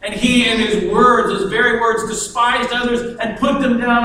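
A man preaching a sermon in an animated way, acting out the voices of the people in his stories, with an easy chuckle. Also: extremely high pitch, normal speed, hardly any pauses, a little hiss or hum. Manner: animated, acts out quoted voices, chuckles often. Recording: echoey room heard from a distance.

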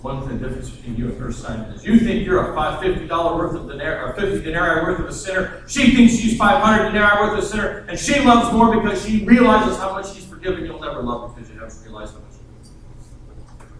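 High-voiced preacher in an echoey hall. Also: male voice, quick pace, slight background noise. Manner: animated, acts out quoted voices, chuckles often. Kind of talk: sermon. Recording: echoey room heard from a distance.

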